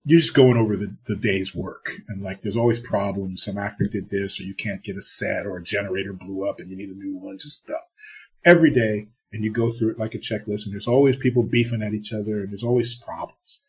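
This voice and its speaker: A man's voice: lowish voice, brisk, a little mellow, breathy edge. A middle-aged TV producer from the US East Coast, telling blunt, profane stories in a casual interview and acting out the exchanges he quotes.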